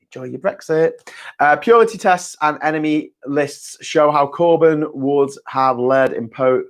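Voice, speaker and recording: Sweary rambling man. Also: fairly high pitch. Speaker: host. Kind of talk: casual live-stream chat.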